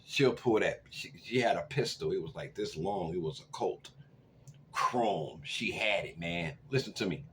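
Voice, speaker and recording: A man in his forties telling a story to camera in a casual, animated way, swinging from loud outbursts to hushed asides. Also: deep voice, moderate pace, a little hiss or hum. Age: 40s. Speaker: vlogger.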